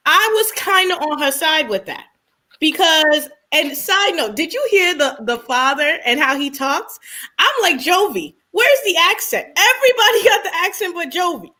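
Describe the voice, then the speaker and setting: Sassy woman on a casual reaction chat, high voice, real bright. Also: moderate pace. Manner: sassy, opinionated, animated. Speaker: co-host reacting to a reality show.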